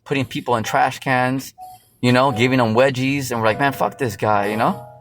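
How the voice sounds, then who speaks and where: A man's voice: mid-range voice, steady tone, moderate pace. A man preaching from the Bible in a loose, casual way, full of fillers and profanity. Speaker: street preacher.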